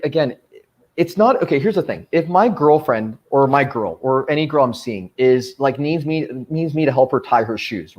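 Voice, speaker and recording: A male podcast host who talks quickly and somewhat high, pressing his points in blunt, crude bursts. His delivery is casual chat that turns into a rant. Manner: emphatic, ranting, crude.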